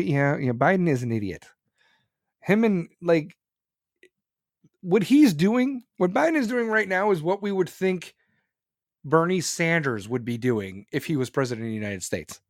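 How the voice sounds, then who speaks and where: A man's voice: a little high, lively intonation, moderate pace, no room sound, studio quality. A male podcast host ranting about politics in a blunt, profane, heated way. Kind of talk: opinionated political rant.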